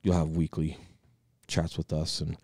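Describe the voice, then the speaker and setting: A man's voice: a bass voice, completely flat delivery, a little slow, a little mellow, no echo, clean studio sound. A man in his thirties co-hosting a podcast, talking casually and energetically, swearing freely for emphasis. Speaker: podcast co-host.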